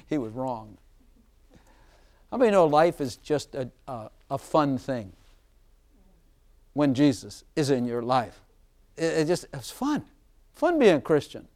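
A man preaching an informal sermon, chatty and often laughing, slowing down to stress scripture lines. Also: fairly high pitch, darkish tone.

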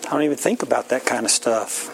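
Brief: middle-aged male pastor, folksy informal sermon, gravelly voice. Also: medium pitch, lively intonation, quick pace, fairly bright tone, slight background noise, rough recording. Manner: folksy, plain-spoken, laughs often.

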